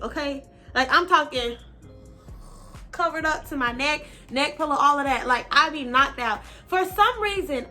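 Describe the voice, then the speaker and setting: A young woman casually telling a personal story on her vlog, slangy, animated and now and then profane. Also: high voice. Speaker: vlogger.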